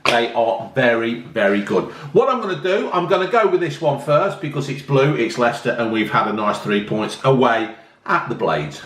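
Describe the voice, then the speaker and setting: A slightly tipsy man hosts a casual drinks-review vlog, rambling, joking and chatting in a very animated, mid-range voice at normal speed. His tone is a bit bright, with a little hiss or hum and a roomy echo in the recording.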